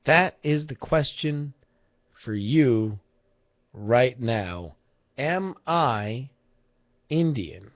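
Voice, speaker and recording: A man's voice: mid-range voice, animated, drawn-out words, long pauses. A man hosting a casual livestream, rambling, swearing freely and joking with viewers in chat. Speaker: livestream host. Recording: lo-fi livestream audio.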